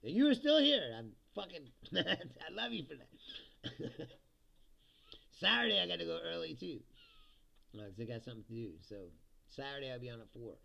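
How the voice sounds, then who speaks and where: This man's voice runs on the high side, very animated at a moderate pace, creaky and sharp, with long pauses. Hosting a relaxed livestream over dull lo-fi audio, the comedian reads viewer comments, cursing, cracking sarcastic jokes and laughing a lot.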